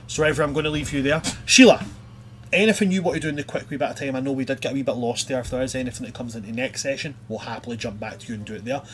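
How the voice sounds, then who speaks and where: A man's voice: medium pitch, racing, slight background noise. A man narrating a tabletop game as game master, chatty and loose. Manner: chatty, loose, many fillers.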